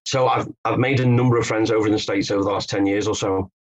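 A man's voice: on the low side, fairly even intonation, quick pace, low-quality recording. A man from England, a guest author telling stories in an interview, hesitant with many restarts. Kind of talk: conversational interview.

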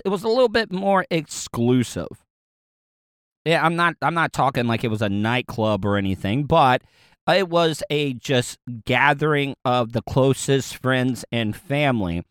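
A man with a Southern US accent spins a loose, casual story straight to his audience. His voice is smooth and clear, recorded dry and close with no room sound. He rambles, backtracks and chuckles as he goes. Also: on the high side, animated, normal speed, fairly bright tone, no room sound. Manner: rambling, with frequent fillers, restarts and chuckles.

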